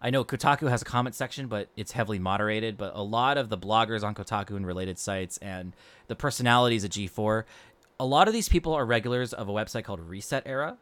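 A man's voice: fairly low pitch, quick pace, fairly bright tone, no room sound. Male podcast co-host, casual rambler, dry close sound. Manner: rambling, loose, with frequent fillers. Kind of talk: casual chat.

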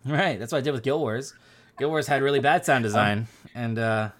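Speaking fairly quickly in a medium-pitched, slightly bright voice, a podcast host chats casually. He rambles along with lots of filler words and swears offhandedly.

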